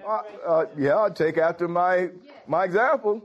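Male preacher, emphatic and exclamatory; slightly high voice, muffled lo-fi audio. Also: a little slow. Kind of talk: sermon. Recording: dull lo-fi sound.

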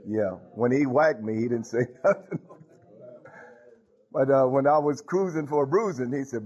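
Male preacher, animated sermon delivery, frequent laughs, dull lo-fi recording. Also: mid-range voice, moderate pace. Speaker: pastor. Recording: dull lo-fi sound.

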